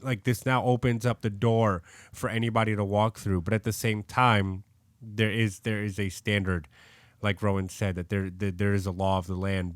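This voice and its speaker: A man's voice: fairly low pitch, no echo. Casual podcast host man, filler-heavy. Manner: loose and conversational, many "like" fillers. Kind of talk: casual faith podcast chat. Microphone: studio podcast mic.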